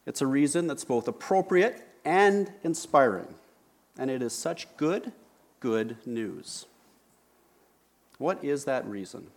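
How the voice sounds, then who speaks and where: A man preaching a sermon in a church, with emphatic, unhurried delivery and deliberate pauses. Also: medium pitch, lively intonation. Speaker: pastor. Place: church sanctuary.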